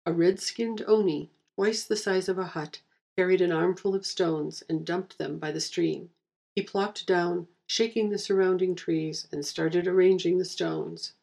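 A woman reading a fantasy story aloud with steady, wry narration. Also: on the low side, measured pace, vocal fry.

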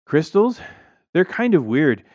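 A man voicing a laid-back male neighbor keen on feng shui, earnest and mellow, who keeps saying "man". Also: a little high, big pitch swings, slow pace, dry recording, studio quality, pitched above the performer's own voice, full character voice.

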